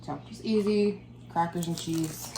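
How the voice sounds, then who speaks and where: A woman's voice: on the low side, unhurried, dark tone. A woman in her thirties chatting casually to the camera in a vlog, rambling and laughing often. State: out of breath. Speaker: vlogger.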